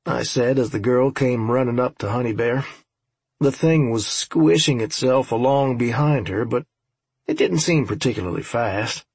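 A man's voice: medium pitch, moderate pace, a little mellow, husky, dry recording. A man narrating an audiobook in the first person, with a dry, wry, profane manner.

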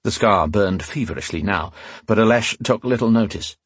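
A man reads a fantasy novel aloud in a measured, dramatic way. His voice sits low with a husky grain. The recording is close and dry, with no room sound. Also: dry recording. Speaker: audiobook narrator. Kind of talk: scripted fantasy narration.

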